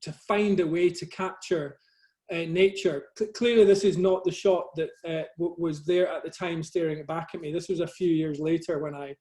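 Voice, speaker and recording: This Scottish photographer, a guest speaker, gives a presentation over a video call, and the audio has that video-call quality. His voice is soft and fairly high, with a steady tone at normal speed. He comes across as modest, conversational and self-deprecating.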